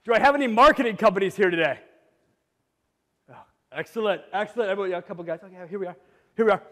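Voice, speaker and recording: Brief: middle-aged male conference speaker, blunt, jokey, high voice, long hall reverb. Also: very fast. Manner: animated, blunt, jokey, rising to near shouts. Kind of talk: energetic keynote presentation. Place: conference hall with live audience.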